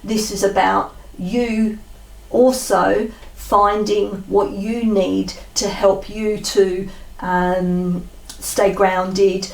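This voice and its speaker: A woman reads oracle cards in a slow, gentle spiritual tone, often pausing with soft fillers. Her voice sits in the middle of a woman's range. It is recorded from a distance in a roomy space. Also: medium pitch, level tone, vocal fry. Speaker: tarot card reader. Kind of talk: spiritual oracle card reading.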